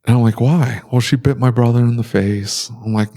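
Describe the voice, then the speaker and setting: A man's voice: medium pitch, a little fast, vocal fry. A man on a podcast, telling stories in casual chat with exaggerated outbursts. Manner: animated storyteller, exaggerated outbursts. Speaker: podcast guest.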